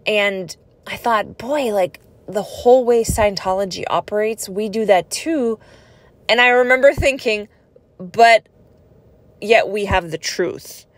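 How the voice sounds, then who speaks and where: A woman's voice: medium pitch, measured pace, no room sound. A woman telling her own life story in a personal vlog, speaking in an earnest, conversational and reflective way.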